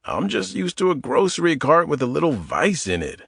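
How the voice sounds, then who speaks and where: A man's voice: a little high, huge pitch swings, normal speed, vocal fry, fairly bright tone, husky, dry recording, clean studio sound, pitched above the performer's own voice, full character voice. A man voicing a wisecracking, self-mocking man in his forties in an audiobook. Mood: joking. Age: 40s. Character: mid-forties man, stiff and sore, joking flirt.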